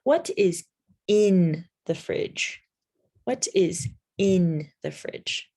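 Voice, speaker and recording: Slow, patient woman teaching English. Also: lowish voice, creaky, mellow. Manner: slow, patient, spells words letter by letter and checks with "right?". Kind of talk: English lesson for learners.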